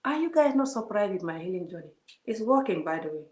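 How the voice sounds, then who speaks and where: A woman's voice: medium pitch, big pitch swings, fast, darkish tone. Emphatic woman in an echoey room. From Gambia. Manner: emphatic, preachy, repeats words and asks rhetorical questions. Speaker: vlogger. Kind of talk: opinionated vlog monologue. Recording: roomy echo.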